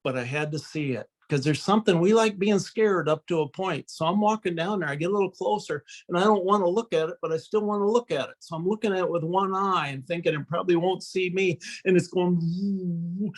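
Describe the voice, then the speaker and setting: An older man telling a humorous folksy story, acting out quotes and sound effects with animated delivery. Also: high-pitched, fairly quick. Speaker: storyteller and birder.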